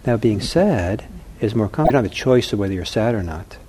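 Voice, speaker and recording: A male meditation teacher answers questions from the audience, calm and gently humorous. He thinks aloud as he goes and restarts his sentences. His voice is mellow, with a faint hiss of noise behind it. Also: on the low side, fairly quick.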